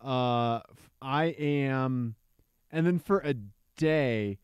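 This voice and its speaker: A man's voice: medium pitch, extremely slow, clean tone, no echo. Joking male podcast host, dry sound. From Missouri, USA. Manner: joking, reads listener bits aloud. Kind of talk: casual podcast banter.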